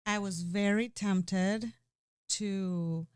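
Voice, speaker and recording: A woman's voice: mid-range voice, steady tone, extremely slow, a little mellow, smooth, no echo, studio quality. A woman speaking candidly and emotionally in a personal conversation, often restarting her sentences. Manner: emotional, earnest, with frequent restarts and "you know".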